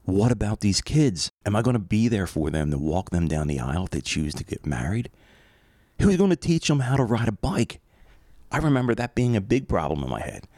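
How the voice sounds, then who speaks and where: A middle-aged man speaks in a very low register, recorded close and dry with almost no room sound. He talks casually and reflectively, like a podcast host telling a personal story. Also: darkish tone, dry recording. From Philadelphia area, USA. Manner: conversational, reflective, rambling asides.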